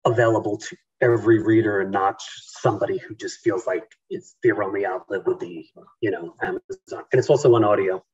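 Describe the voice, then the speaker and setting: Husky-voiced man, halting and distant. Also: lowish voice, muffled recording. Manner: halting, many fillers and restarts. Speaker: author guest. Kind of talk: casual interview talk.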